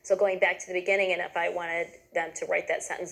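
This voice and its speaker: A woman's voice: on the low side, little pitch movement, a little fast, vocal fry, few pauses, a bit bright, rough recording. A woman giving a patient, step-by-step lesson to teachers, checking in often with "okay?". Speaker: teacher trainer.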